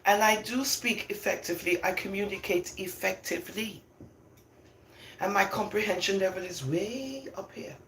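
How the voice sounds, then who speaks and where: A woman's voice: medium pitch, moderate pace, slight background noise. Emphatic older woman, roomy echo. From London, England. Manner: emphatic, animated, laughs often between points. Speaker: vlogger. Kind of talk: opinionated casual monologue.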